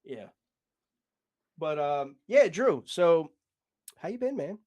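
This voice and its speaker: A man's voice: on the high side, sing-song, takes it slowly, darkish tone, dry recording. A man telling a long story casually, rambling, swearing and acting out the dialogue.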